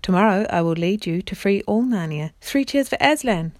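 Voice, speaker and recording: A woman's voice: medium pitch, animated, normal speed, no echo, clean studio sound, close to an everyday voice. A woman voicing a noble young king in a storybook read-aloud, speaking with solemn, indignant formality. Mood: commanding. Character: stern young male king, noble and commanding.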